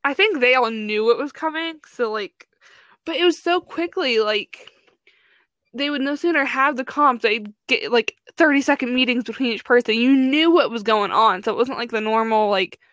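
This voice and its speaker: Young woman co-host, casual filler-heavy chatter, a bit high-pitched. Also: normal speed, fairly bright tone, no echo. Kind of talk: casual chat.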